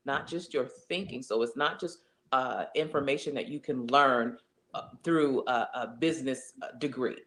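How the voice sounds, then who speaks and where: Woman interview guest, slight fry in the voice, animated inspirational speaker. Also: low-pitched. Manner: animated, acts out quoted voices, emphatic.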